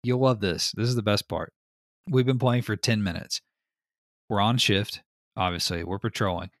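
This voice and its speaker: A man hosting a podcast in casual chat, telling stories in an animated way, laughing often and swearing casually. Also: on the low side, normal speed, no room sound, studio quality. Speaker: podcast host.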